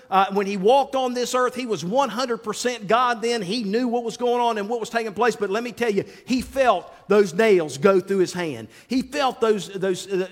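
A male pastor preaching an animated sermon to his congregation, acting out the quotes he tells and calling out to people in the pews. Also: high-pitched. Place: church sanctuary. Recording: long reverb of a large hall.

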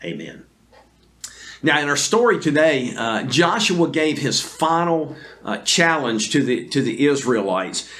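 A man's fairly high voice preaches a sermon to a video audience. He speaks earnestly and deliberately as a pastor, often stopping to restart his phrases with fillers. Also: lively intonation, a bit bright. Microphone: camera recording.

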